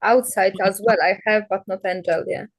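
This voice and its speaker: A woman's voice: mid-range voice, steady tone, normal speed. A woman answering a medium on a video call, with brief, hesitant replies in non-native English. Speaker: sitter.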